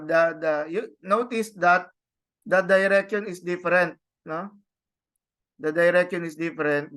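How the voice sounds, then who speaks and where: Man, online class lecture, slow and halting, fairly high voice. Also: fairly bright tone, clear, resonant tone. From Philippines. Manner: halting, with many restarts and tag questions. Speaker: Greek teacher.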